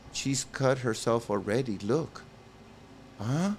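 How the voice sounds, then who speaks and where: A man's voice: fairly low pitch, measured pace, creaky, slight background noise. A man doing let's play commentary, reading a story game's text aloud and breaking off with exclaimed reactions to his viewers. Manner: talks to viewers as "guys". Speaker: gaming channel host.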